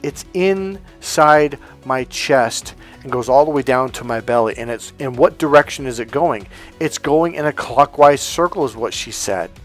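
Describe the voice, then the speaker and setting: Man dating coach, lively pitch swings, brash and profane, quiet music underneath. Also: unhurried, hardly any pauses. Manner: blunt, profane, emphatic, acts out quoted speech. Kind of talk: coaching monologue to men.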